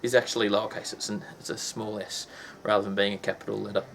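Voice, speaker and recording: A man's voice: fairly low pitch, flat delivery, fast, creaky, fairly bright tone, a little hiss or hum. A man teaching a casual lesson, chatty and full of ums and restarts, breaking into sound effects.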